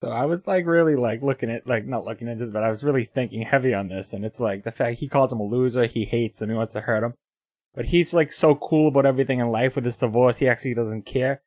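A man's voice: medium pitch, fast, a little mellow, no echo, clean studio sound. A man on a podcast, thinking aloud about a show, full of "like" fillers. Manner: thoughtful, many "like" fillers. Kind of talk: casual podcast chat.

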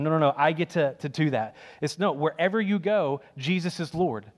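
A man's voice: on the high side, normal speed, hardly any pauses. A man preaching a sermon in an emphatic, conversational way, repeating key phrases.

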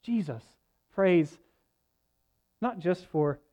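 A man's voice: sits high, lively intonation, very slow, mellow. A man preaching a sermon, earnest and conversational, with folksy asides. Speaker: pastor. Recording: slightly dull, lo-fi sound.

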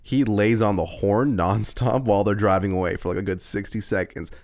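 A man with a somewhat low voice co-hosts a podcast in loose, casual chat. He tells stories with energy and curses freely along the way. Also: fairly quick. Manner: animated storyteller who swears freely and acts out the people in his stories. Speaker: podcast co-host.

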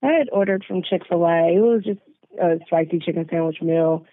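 A woman on a phone call, calmly and in detail describing a bad customer service experience. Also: on the low side, no echo. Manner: measured, detailed, aggrieved. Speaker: caller. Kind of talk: phone complaint. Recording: tinny phone line.

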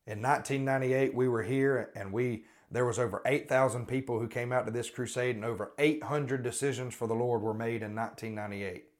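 A man's voice: mid-range voice, fairly even intonation, a little fast, hardly any pauses. Man repeating pointed questions. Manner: repeats rhetorical questions, restarts often. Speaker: podcast host. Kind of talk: critical religious commentary.

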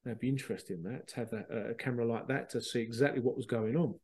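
Mellow-voiced man telling a rambling story. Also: mid-range voice, fast, breathy edge. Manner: excitable, rambling, repeats himself, swears casually. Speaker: spiritual medium and podcast host. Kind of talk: casual storytelling monologue.

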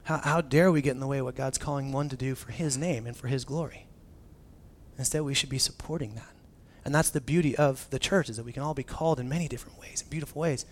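A pastor gives a casual, animated, conversational sermon, talking fast in a medium pitch. He frequently restarts phrases and slips in filler words.

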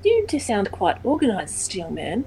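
A woman's voice: mid-range voice, wildly swooping pitch, moderate pace, dark tone, a little hiss or hum, low-quality recording. A woman taking part as a player in a tabletop game, easygoing and playful. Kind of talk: tabletop role-play.

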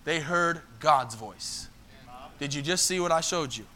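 A male pastor preaching a sermon, calling out asides to the congregation and swinging between loud emphatic bursts and low quiet lines. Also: unhurried.

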